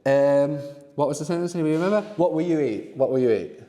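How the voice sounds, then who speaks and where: A man leads a language class, prodding his students with questions and asking them to work things out aloud. His voice is mellow and relaxed, and the room around him rings with a long reverb. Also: on the high side, fairly quick. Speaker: language teacher. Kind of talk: live classroom teaching workshop.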